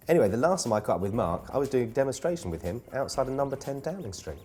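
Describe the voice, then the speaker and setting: A man's voice: medium pitch, sing-song, fast talker, a little mellow, soft background music. A man hosting a comedy gig guide in a playful, self-mocking way, wandering off into rambling asides. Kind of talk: jokey scripted presenting.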